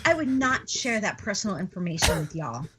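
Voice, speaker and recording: A woman's voice: medium pitch, sing-song, fairly quick, music in the background. A woman co-hosting a casual podcast chat, giggly and teasing, who swears freely. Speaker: podcast co-host. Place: at home drinking wine.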